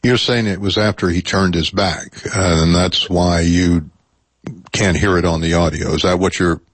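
A very deep-voiced man hosts a radio talk show from a studio mic. He talks in a measured, halting way, pausing on fillers. The sound is close and dry. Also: steady tone, breathy edge, no room sound. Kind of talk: public radio call-in talk. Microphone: studio microphone.

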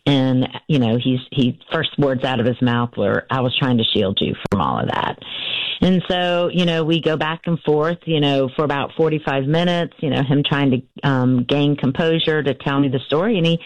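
A woman in her fifties, an author being interviewed, telling a family story earnestly with many pauses and restarts. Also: sits low, no room sound, highs cut off. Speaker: author and guest.

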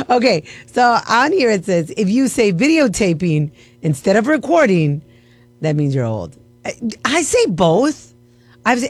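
A woman's voice: mid-range voice, sing-song, unhurried, no echo. A woman radio host in a chatty segment, playful and mock-offended, laughing often.

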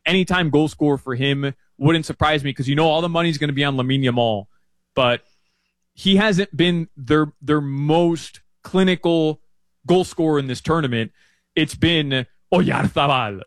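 A man breaks down soccer picks in a loose, conversational way, his voice leaping higher whenever he gets worked up. He sits close to the microphone in a dry, deadened space with no room sound. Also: no room sound. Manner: chatty, gets excited and jumps up in pitch. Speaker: soccer betting analyst. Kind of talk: casual sports betting chat.

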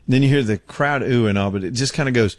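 A man's voice: mid-range voice, fast, dry recording. A male radio host with an everyday mid-range voice, talking in a loose, meandering way. He often restarts his sentences. The studio sound is close and dry. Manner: rambling, laid-back, restarts often. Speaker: radio talk show host. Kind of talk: casual chat.

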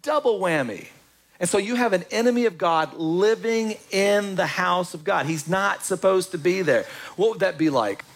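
A man preaching a sermon in a church, lively and joking with the congregation. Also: high-pitched, normal speed, creaky. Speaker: pastor.

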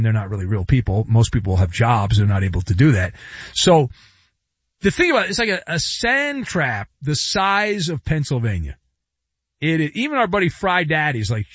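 A man's voice: mid-range voice, a bit bright, husky, no room sound. A man hosting a sports talk radio show, riffing in a sarcastic, mock-dramatic way into a studio microphone. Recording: dull, dry studio sound.

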